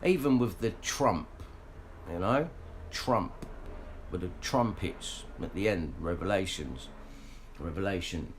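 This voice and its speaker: A man's voice: low voice, animated, slow, a little hiss or hum. A man ranting casually and swearing a lot as he talks straight to his livestream viewers. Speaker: livestream vlogger.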